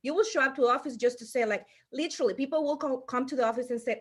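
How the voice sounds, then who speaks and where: A woman's voice: sits high, racing, hardly any pauses. A woman with a Spanish accent, Spanish her first language, telling stories as a podcast guest with frequent laughter and restarts. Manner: animated storyteller, laughs often, restarts mid-sentence. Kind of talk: casual podcast storytelling.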